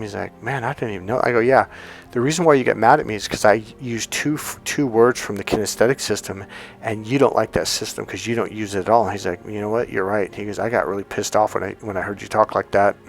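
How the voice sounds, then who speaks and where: A man, a relationship and communication coach, giving a motivational teaching talk and acting out quoted voices as he tells stories. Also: on the low side. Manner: animated storyteller, acts out quoted voices.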